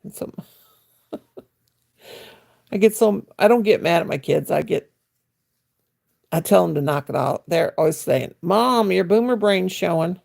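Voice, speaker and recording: A woman's voice: on the low side, unhurried, creaky, long pauses, a little mellow. An older woman, chatting folksily on her crochet livestream from her chair at home, answering viewers' comments. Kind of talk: casual livestream chat.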